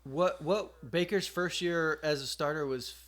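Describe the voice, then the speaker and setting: Man, slightly higher voice, bright tone, teasing, laid-back sports podcast banter. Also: measured pace. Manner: teasing, laid-back, chimes in with short agreements. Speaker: podcast co-host. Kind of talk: casual sports chat.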